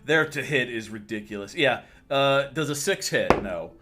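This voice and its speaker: A man's voice: medium pitch, animated, background noise. Laughing man running a tabletop game. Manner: quick, laughing, stumbling narration. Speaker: game master. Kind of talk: narrating a tabletop game on a livestream.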